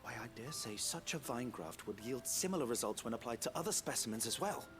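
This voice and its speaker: A man's voice: mid-range voice, expressive, brisk, over music, close to an everyday voice. An actor playing a formal, pompous male plant scholar in a video game, speaking in a florid way.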